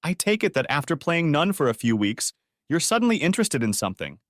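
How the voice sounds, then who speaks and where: A man's voice: a little high, big pitch swings, a little fast, no room sound, clean studio sound, pitched above the performer's own voice. A man playing a suspicious husband who questions his wife in a sarcastic, exasperated way.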